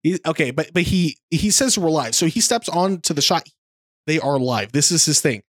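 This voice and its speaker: A man co-hosting a podcast, retelling film scenes in casual chat with animated delivery. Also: a little high, normal speed, no echo. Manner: animated storytelling, slips into a mimicked accent. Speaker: podcast co-host.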